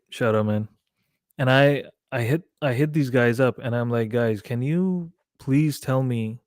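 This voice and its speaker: A man chatting as a podcast guest, telling a story with animated quoted dialogue and frequent swearing. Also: medium pitch, no room sound, studio quality. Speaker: guest musician. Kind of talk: casual podcast chat.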